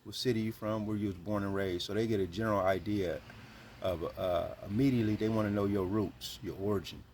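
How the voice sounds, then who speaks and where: A man's voice: on the low side, fairly even intonation, brisk, darkish tone, slight background noise. A man hosting his channel, giving earnest, slangy advice in a casual monologue. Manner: earnest, slangy, repeats points.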